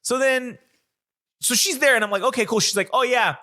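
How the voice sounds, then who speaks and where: A man's voice: very high-pitched, a little fast, bright, forceful tone. A young man on a podcast, telling a story in a casual, profane, self-mocking way. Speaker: podcast co-host.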